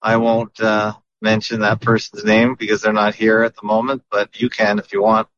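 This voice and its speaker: A man's voice: fairly low pitch, completely flat delivery, moderate pace, a bit bright. A man hosting a podcast in a chatty, casual way, with lots of fillers and restarts. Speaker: podcast host. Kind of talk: casual chat. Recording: muffled lo-fi audio.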